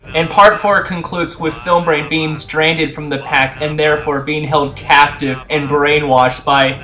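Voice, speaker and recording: A young man giving comedic review commentary, sarcastic and profane, breaking into repeated yelled gags. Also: fairly high pitch, steady tone, a little slow. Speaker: video reviewer. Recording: roomy echo.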